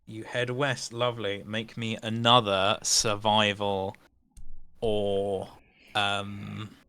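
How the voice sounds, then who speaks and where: A man narrating as game master of a tabletop game, unhurried and often searching for words. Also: lowish voice, flat delivery, bright, forceful tone, clear, resonant tone.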